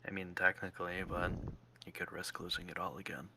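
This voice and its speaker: A man voicing a calm, secretive male ally who speaks in terse, measured words. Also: deep voice, noisy background. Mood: guarded.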